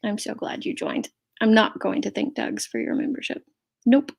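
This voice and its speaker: A woman's voice: medium pitch, sing-song, normal speed, creaky, husky. A middle-aged woman hosting a livestream, reacting to a clip with indignant commentary and thanking chat members. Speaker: commentary channel host.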